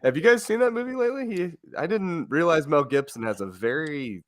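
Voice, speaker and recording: A male podcast co-host trades jokes in a playful, teasing manner. His pitch swings widely, and the sound is dry and close with no room echo. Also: lively intonation, fairly quick. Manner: teasing, jokey. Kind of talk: casual comedic podcast chat.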